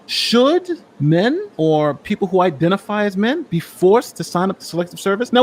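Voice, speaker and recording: A man's voice: a little high, a little mellow. A young man giving opinion commentary to his viewers, asking rhetorical questions.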